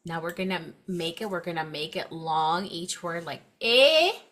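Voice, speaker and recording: A young woman teacher reading a picture book aloud to children and leading a phonics lesson, with exaggerated, expressive delivery. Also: fairly low pitch. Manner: animated, exaggerated expression with gasps, slow clear delivery.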